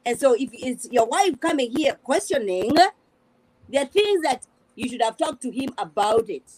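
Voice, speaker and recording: Earnest high-voiced woman. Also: lively intonation, moderate pace, a little mellow, husky, no echo, low-quality recording. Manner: earnest, repeats words while searching for them. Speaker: review panelist. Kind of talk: casual panel discussion.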